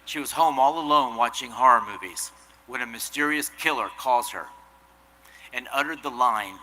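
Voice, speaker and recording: A man's voice: medium pitch, moderate pace, pushed and bright, a little hiss or hum, poor audio. A man giving a commencement address, telling an earnest, self-deprecating story. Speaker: commencement speaker. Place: outdoor commencement ceremony.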